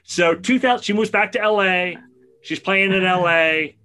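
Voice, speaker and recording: Bright, high-voiced chatty man. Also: normal speed. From New Jersey area. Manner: enthusiastic storyteller, chatty. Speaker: podcast co-host. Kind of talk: casual chat.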